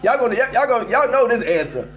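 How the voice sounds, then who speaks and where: Male call-in host, very high voice, emphatic and animated, faint music under him. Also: quick pace. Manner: animated, emphatic, addresses listeners as y'all. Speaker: host of a live call-in show. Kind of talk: casual sports rant.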